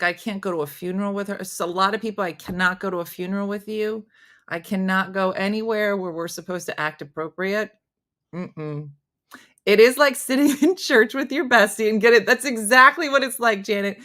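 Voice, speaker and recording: A middle-aged woman hosting a casual live-stream chat, reading comments and telling stories with lots of laughter and the odd mock whisper. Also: mid-range voice. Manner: chatty and animated, laughs often, drops to mock whispers. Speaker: host reading viewer comments.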